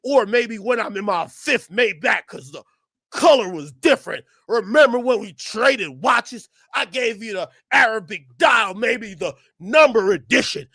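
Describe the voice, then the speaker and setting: A man ranting loudly and profanely to his chat during a live stream reaction. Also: high-pitched, animated, unhurried, creaky, husky, no echo, studio quality. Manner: loud, profane ranting, often shouting; talks to his chat and laughs between bits.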